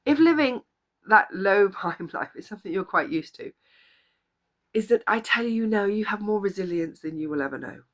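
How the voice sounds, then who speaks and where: A woman's voice: medium pitch, animated, moderate pace, fairly bright tone. A woman life coach giving an earnest, encouraging motivational talk to the camera, repeating key phrases for emphasis. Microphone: camera or phone video.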